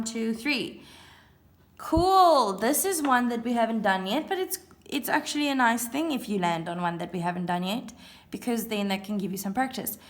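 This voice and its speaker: A woman teaching a recorded phonics lesson to young children, sounding out letters and counting spaces aloud. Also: a little high. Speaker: primary school teacher.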